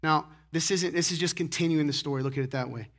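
Male pastor, slightly high voice, playful and animated, throat-clearing habit. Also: fast. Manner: joking, animated, acts out characters. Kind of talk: sermon.

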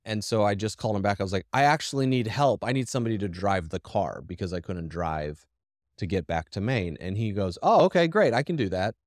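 Speaking fairly quickly in a fairly low voice, a man co-hosts a podcast in relaxed, straightforward conversation. He meanders and restarts frequently. The recording is dry and studio quality.

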